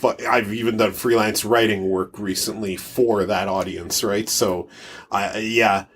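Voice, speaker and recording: A man's voice: fairly low pitch, steady tone, a little slow, fairly bright tone, breathy edge. A man co-hosting a casual gaming podcast, joking and mocking himself, often stumbling and restarting his words. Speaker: podcast co-host.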